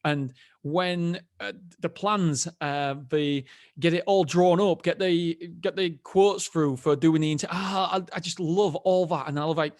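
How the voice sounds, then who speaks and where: A man talks through his week on his own podcast in a frank, meandering way, often breaking off and starting again. His voice sits on the higher side, and the recording is dry with no room sound. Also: fairly even intonation, a little slow, darkish tone, dry recording. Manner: rambling, candid, self-interrupting with frequent restarts. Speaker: podcast host. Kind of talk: solo casual podcast monologue.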